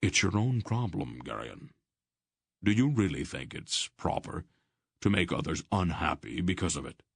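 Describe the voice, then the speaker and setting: A man voicing a wise, dry-humored old sorcerer in an audiobook, speaking calmly and firmly. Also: sits low, creaky, husky, no room sound, heavily acted. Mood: patient, lecturing. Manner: calm, measured, gently firm. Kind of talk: audiobook character voice.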